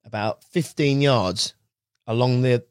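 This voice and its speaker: A man's voice: mid-range voice, slow pace, clean tone, no echo, studio quality. A man telling a long rambling story as a guest, casual and chatty, often quoting what others said. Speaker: guest angler.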